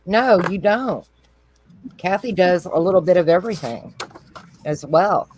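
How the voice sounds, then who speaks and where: A woman's voice: fairly low pitch, animated, measured pace, darkish tone, a little hiss or hum, poor audio. A woman hosting a casual craft stream, chatty and encouraging as she talks through each step. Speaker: host. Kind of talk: casual chat during a craft demo.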